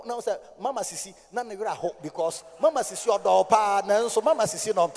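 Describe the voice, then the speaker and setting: Ghanaian male pastor, high voice, preaching in an echoing hall, swings from quiet to shouted sing-song. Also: fast talker. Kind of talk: sermon. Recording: hall reverb.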